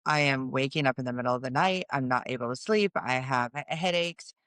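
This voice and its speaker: A middle-aged woman hosts a podcast, earnestly telling a personal story in a conversational way and explaining things as she goes. Her voice is extremely low in pitch, fairly quick, a bit bright, and clean in tone. The recording is dry and of studio quality.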